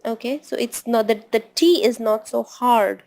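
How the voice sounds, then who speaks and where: Chatty woman tutor, fairly high voice. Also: unhurried, vocal fry, a little mellow. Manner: chatty, often ends points with a tag question. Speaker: test-prep tutor. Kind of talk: informal online lesson.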